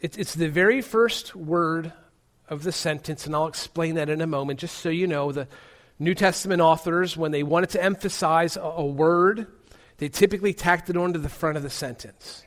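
A man with a high voice preaches a sermon from the pulpit. He presses hard on key words, then drops into hushed, low phrases before building up again. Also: moderate pace. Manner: emphatic, swinging between loud stresses and hushed low words. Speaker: pastor.

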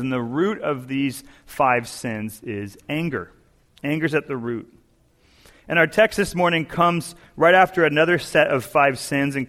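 A man delivering a sermon as a guest preacher, telling an animated story and acting out its voices. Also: mid-range voice. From Southern California. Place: church sanctuary. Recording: long church hall reverb.

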